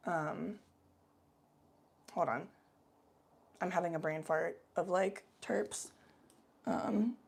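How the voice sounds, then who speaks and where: A young woman from the United States, hosting a casual livestream and chatting loosely and playfully with viewers, with lots of fillers. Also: mid-range voice. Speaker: livestream host. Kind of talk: casual livestream chat, reading viewer comments aloud.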